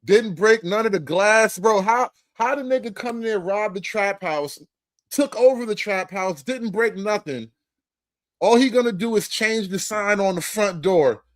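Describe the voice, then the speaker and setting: A man hosting comedic political commentary, slangy and animated. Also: high voice, measured pace, dry recording. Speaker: host.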